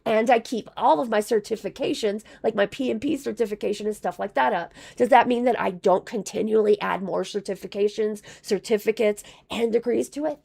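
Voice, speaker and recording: A woman's voice: mid-range voice, fairly quick, vocal fry, few pauses, dark tone. A woman live-streaming casual commentary, reading out donations in a rambling, profane way, with her voice wearing thin. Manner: rambling, profane, with many restarts. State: losing her voice.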